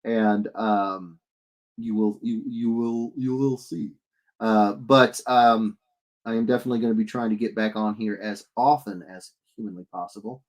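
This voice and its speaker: This is an illustrator in his thirties streaming as he draws, talking loosely with viewers, joking around, reading out their comments and frequently restarting. He speaks at normal speed in a lowish voice with fairly even intonation.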